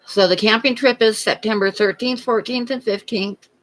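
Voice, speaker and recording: Brief: easygoing livestream host, rambling storyteller, mid-pitched voice. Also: fairly even intonation, normal speed, a bit bright, rough recording. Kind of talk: casual chat and joke-telling.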